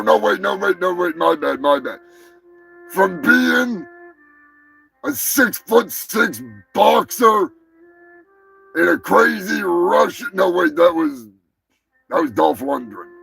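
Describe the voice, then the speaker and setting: A man's voice: fairly high pitch, vocal fry. A man hosting a live comedy stream who rambles profanely and keeps correcting himself mid-sentence. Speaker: live show host.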